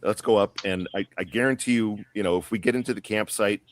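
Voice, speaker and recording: A man's voice: on the low side, quick pace, no echo. A man telling a long story on a podcast panel in a casual, rambling way, full of fillers and restarts. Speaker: guest.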